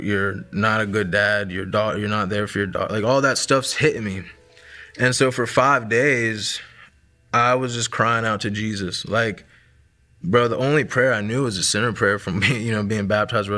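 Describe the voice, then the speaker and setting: A man's voice: fairly low pitch, bright, forceful tone. A man in his thirties sharing a personal testimony in a casual, conversational way, full of fillers like "like" and "man".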